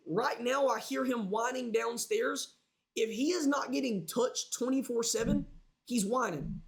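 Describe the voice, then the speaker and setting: A man's voice: extremely high pitch, vocal fry, fairly bright tone. A man livestreaming, rambling casually and swearing a lot as he talks straight to his chat.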